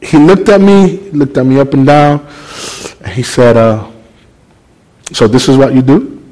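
A man preaching a sermon, telling a story with lively, animated delivery that climbs toward near-shouting. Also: mid-range voice, unhurried, low-quality recording. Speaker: pastor.

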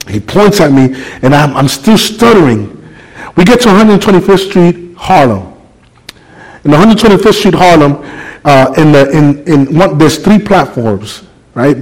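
A man preaching a sermon, telling a story with lively, animated delivery that climbs toward near-shouting. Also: a little high, slightly rough, low-quality recording. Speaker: pastor.

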